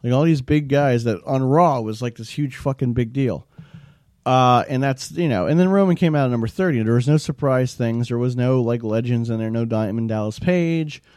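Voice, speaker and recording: A man's voice: mid-range voice, moderate pace, darkish tone, no room sound, studio quality. A young man ranting casually as a show host, rambling, profane and exasperated. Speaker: show host reviewing wrestling. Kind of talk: casual rant.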